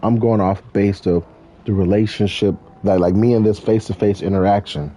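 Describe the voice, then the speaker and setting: With a dark tone and a voice on the low side, a young YouTuber speaks a little fast over slight background noise. He's playing a driving game and taking viewer questions in a rambling, profane way, heavy on loose slang.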